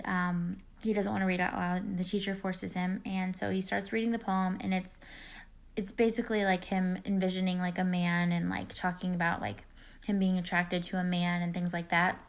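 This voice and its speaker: A woman in her thirties casually recapping a TV episode, rambling with many fillers. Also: medium pitch. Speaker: recap vlogger.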